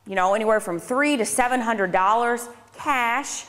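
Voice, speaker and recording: Her voice is on the high side and a bit bright, moving at a moderate pace. She's a woman in her thirties sharing a conversational personal testimony, sprinkled with dry sarcasm, before a live audience in a reverberant lecture hall on a speaking tour.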